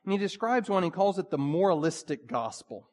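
A male pastor preaching a sermon, swinging between urgent pleading and hushed, quiet passages. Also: sits high, lively intonation, a little fast. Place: church sanctuary. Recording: long hall reverb.

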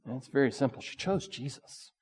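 A man preaching a sermon in a relaxed, conversational way, full of asides. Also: medium pitch, moderate pace, slightly rough, big-room sound. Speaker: pastor.

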